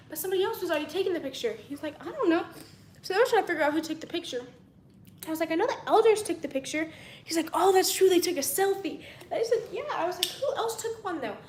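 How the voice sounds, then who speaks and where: Young woman rambling thru a story, high voice, echoey room, bit of hiss behind. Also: lively intonation, very fast. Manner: chatty and rambling, acts out quotes, drops to a whisper at times. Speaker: vlogger. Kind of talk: casual storytelling.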